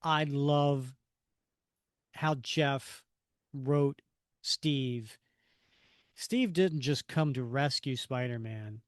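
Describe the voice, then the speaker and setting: A man's voice: mid-range voice, extremely slow, pauses often, no echo, clean studio sound. A man co-hosting a podcast, retelling a comic book story in a casual way and dropping his voice for quoted lines. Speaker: podcast co-host.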